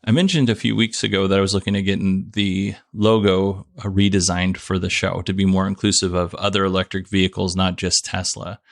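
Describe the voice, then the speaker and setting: Male podcast host, low and gravelly, prone to giggles, casual solo talk. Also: steady tone, fairly quick, hardly any pauses, dry recording, clean studio sound. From United States. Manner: giggly, breaking into laughter.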